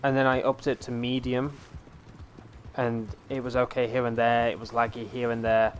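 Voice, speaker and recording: A young British man hosting a live stream, chatting casually in a relaxed, rambling way with lots of fillers. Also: mid-range voice, moderate pace, dull audio, a little hiss or hum. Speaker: streamer host.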